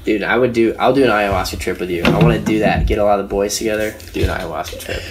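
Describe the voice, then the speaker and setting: Talking fast against a noisy background, a young man with a lowish voice rambles through a story on a casual podcast. His speech is packed with slang and fillers, especially "dude" and "like."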